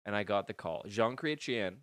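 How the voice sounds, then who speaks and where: A man with a Canadian accent, co-hosting a stream and spinning an absurd, stop-start tall tale in a deadpan way. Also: fairly low pitch, moderate pace, no room sound. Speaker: co-host. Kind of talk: absurd improvised storytelling, casual chat.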